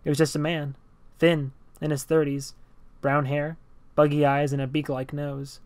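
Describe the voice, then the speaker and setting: A man's voice: on the high side, little pitch movement, moderate pace, a little mellow, clear, resonant tone, dry recording. Man reading a tense first-person story. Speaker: amateur audiobook reader. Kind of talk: first-person novel narration.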